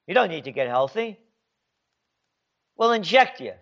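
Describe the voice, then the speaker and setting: A man's voice: sits high, big pitch swings, unhurried, creaky, long pauses, a bit bright, dull audio. A male commentary host ranting sarcastically and mockingly at the news he reads out.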